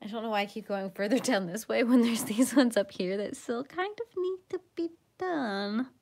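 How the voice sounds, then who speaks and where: A woman's voice: fairly high pitch, moderate pace, darkish tone. A woman hosting a coloring livestream, chatting casually with viewers in a playful, self-mocking way and sometimes dropping to a whisper as she concentrates. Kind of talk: casual chat with live viewers.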